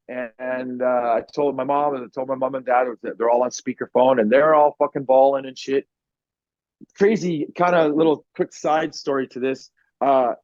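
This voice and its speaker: A man's voice: mid-range voice, darkish tone, no echo. A man guest on a podcast, telling his story in a blunt, profane, casual way with easy laughs. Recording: dry, slightly muffled podcast audio.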